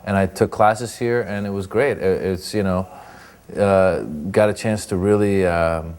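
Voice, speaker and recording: A man in his thirties with a fairly low voice tells stories in a relaxed interview. He slips into other voices as he goes, animated and playful. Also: unhurried, clear, resonant tone. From Iran. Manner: animated storyteller who acts out voices. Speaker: comedian and actor interviewed. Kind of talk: casual interview chat.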